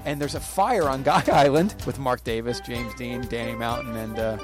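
A man hosting a crude studio talk show, loud and profane, rambling and laughing a lot. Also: mid-range voice, moderate pace, over music. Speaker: radio show host. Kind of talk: crude casual studio chat. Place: radio studio.

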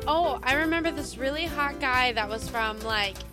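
A woman guest on a studio talk show, hesitant and giggly, filling pauses with ums. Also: sits high, over music. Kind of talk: casual studio chat.

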